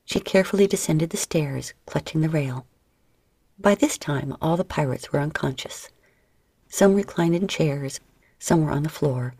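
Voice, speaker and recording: A woman reading an audiobook as narrator in a steady, scripted way. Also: deep voice, slightly rough, dry recording.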